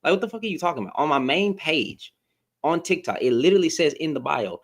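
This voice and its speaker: A man's voice: a little high, expressive, fast talker. Heated, blunt man ranting. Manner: blunt, heated, profane, rising to exasperated outbursts; repeats words and restarts when worked up. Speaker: social media commentator. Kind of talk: heated casual rant to followers.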